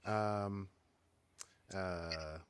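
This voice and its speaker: A man's voice: sits low, fairly even intonation, very slow, clean tone, no echo. A man co-hosting a casual podcast chat, rambling and hesitant with lots of ums and restarts. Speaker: podcast co-host.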